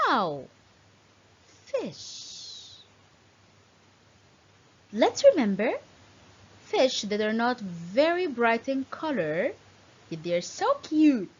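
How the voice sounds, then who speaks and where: A woman teaching young children, her voice swooping widely up and down in a sing-song way with playful animal sounds. She speaks slowly, with a slightly husky, breathy tone. The recording is a bit dull and lo-fi. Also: a little high, fairly bright tone. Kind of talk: children's lesson.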